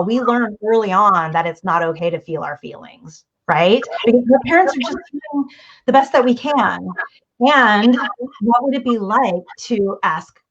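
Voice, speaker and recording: A woman's voice: medium pitch, moderate pace. Give me a middle-aged woman coach on a dull call. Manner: animated, acts out family dialogue, many restarts. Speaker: guest communication coach. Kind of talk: conversational interview. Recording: dull lo-fi audio.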